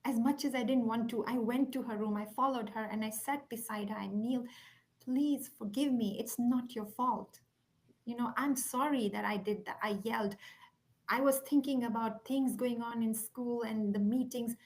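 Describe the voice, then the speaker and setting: Earnest woman guest, a bit higher pitched, reflective storyteller who goes soft and near-whispered on key points. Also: steady tone, normal speed. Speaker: guest speaker. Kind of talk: heartfelt conversational storytelling.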